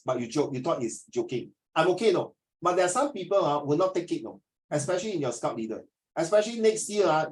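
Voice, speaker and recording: A man's voice: on the high side, darkish tone, low-quality recording. A man with a Singaporean English accent tutoring a class, teasing his students and then lecturing them seriously.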